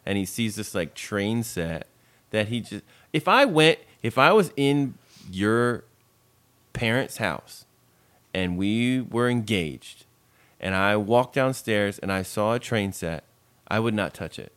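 Deep-voiced man in casual recap chat. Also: animated, slow pace, fairly bright tone. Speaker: podcast co-host.

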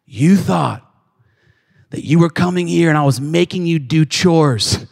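A man voicing a wise old male karate master who speaks in a slow, earnest, lower voice. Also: gravelly, darkish tone. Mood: solemn. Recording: long reverb of a large hall.

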